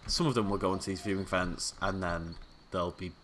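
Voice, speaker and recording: Chatty man with a bright voice. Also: low-pitched, steady tone, fairly quick, a little hiss or hum. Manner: playful, chatty, talks to the game characters. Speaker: let's play host. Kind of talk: casual gameplay commentary.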